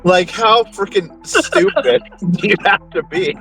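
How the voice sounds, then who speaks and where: A man co-hosting a horror movie review show in casual chat, relaxed and rambling with lots of fillers. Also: high-pitched, takes it slowly, vocal fry, soft background music.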